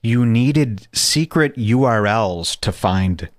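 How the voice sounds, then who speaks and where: A young man riffing through crude, comic stories on a podcast, his pitch swinging widely as he tells them. The sound is dry and close to the mic, and he often drops into silly put-on voices. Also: lively intonation, takes it slowly, no echo. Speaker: podcast host. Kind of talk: casual comedic storytelling.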